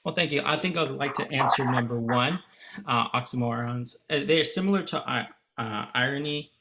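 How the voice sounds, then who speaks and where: A man's voice: medium pitch, normal speed, pushed and bright, slight background noise. A man giving an impromptu answer on a video call, earnest and hesitant with many fillers.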